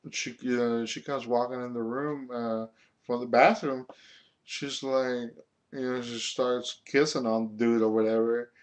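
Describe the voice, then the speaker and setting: A man's voice: medium pitch, little pitch movement, unhurried. Rambling young man telling a story. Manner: rambling, heavy filler words and swearing. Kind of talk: casual storytelling.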